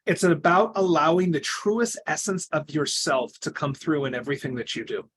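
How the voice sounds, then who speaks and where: A young adult man speaks as a coach, telling his own story with earnest conviction. His voice sits fairly high for a man, and he swings between loud, emphatic lines and soft, quiet asides. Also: moderate pace, slight background noise. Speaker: speaker giving a coaching talk. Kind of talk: personal storytelling talk.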